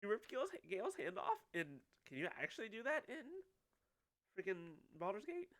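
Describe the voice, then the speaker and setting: A man giving casual, chatty let's-play commentary and reacting excitedly to his chat. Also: high-pitched, moderate pace. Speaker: streamer playing a game. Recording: clear background noise.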